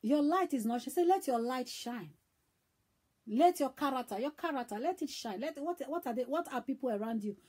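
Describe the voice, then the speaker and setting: High-voiced woman preaching. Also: expressive, quick pace, few pauses, slightly rough. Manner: emphatic, repetitive, swings between loud and hushed. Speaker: evangelist preacher. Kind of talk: sermon.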